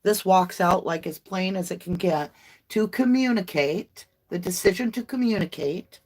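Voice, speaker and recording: A woman's voice: lowish voice, moderate pace, darkish tone. A woman, hosting a casual livestream tarot reading in a chatty, folksy way and addressing viewers as y'all. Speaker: tarot reader livestream host.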